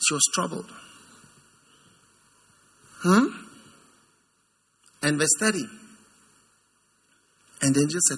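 An unhurried man preaches an animated sermon with vocal fry and long pauses over a little hiss or hum. He acts out figures in put-on voices, swinging between high, mocking tones and low, intimate ones.

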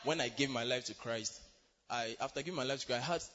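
A man's voice: medium pitch, fairly quick, sharp tone, highs cut off. Polite young man in an echoey hall. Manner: polite, hesitant, with fillers. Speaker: church member giving testimony. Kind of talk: church testimony.

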